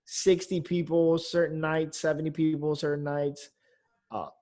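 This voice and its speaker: A man's voice: fairly high pitch, level tone, a little slow, mellow. A man, a comedian, chatting casually on a podcast in a loose, rambling way, full of fillers and the odd curse. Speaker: comedian guest.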